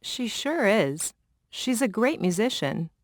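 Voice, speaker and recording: A woman plays an enthusiastic friend who speaks emphatically. Her voice sits high and swoops widely at an unhurried pace. The sound is dry and close. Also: very animated, no room sound. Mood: emphatic. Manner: incredulous, emphatic. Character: enthusiastic young woman talking about a musician.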